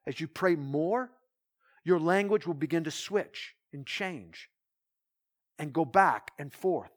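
An insistent, matter-of-fact coworker explains what to do, step by step, voiced by a preaching man. His voice sits fairly high, and his tone stays plain and sure. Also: expressive, slow pace. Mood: instructing. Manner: plain, instructing.

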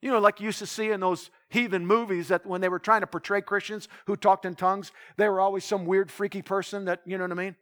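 High-voiced man preaching a story. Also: fast talker, few pauses. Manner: animated retelling with quoted dialogue, restarts. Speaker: pastor. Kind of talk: sermon storytelling.

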